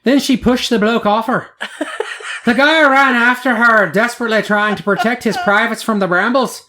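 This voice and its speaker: A man's voice: very high voice, steady tone, moderate pace, sharp tone, voice pushed up. A man voicing a male local tour guide in an exaggerated put-on Scottish accent, laughing through it. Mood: amused.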